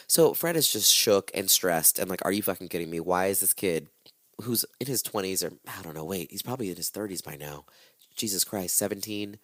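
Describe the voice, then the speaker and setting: Profane, animated male podcast storyteller. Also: low-pitched, fairly quick, dry recording, clean studio sound. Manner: animated, profane, slangy, jokey asides. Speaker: podcast host. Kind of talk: comedic true-crime storytelling.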